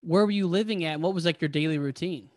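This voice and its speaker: A man's voice: fairly high pitch, fast. A man hosting a podcast, asking questions in an enthusiastic, chatty way. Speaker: podcast host. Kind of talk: casual interview.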